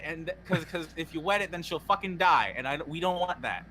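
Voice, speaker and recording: Podcast host, male, high and animated, jokey and profane. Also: a little fast, hardly any pauses, slight background noise. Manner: swears often, jokey. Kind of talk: casual chat with a mock ad read.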